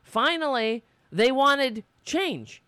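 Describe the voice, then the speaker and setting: A person streaming political commentary from home into a desk mic, ranting in an animated, sarcastic way with many restarts. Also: sits high, slow pace, no room sound. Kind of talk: ranting casual commentary to camera. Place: home in New York. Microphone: desk mic with webcam.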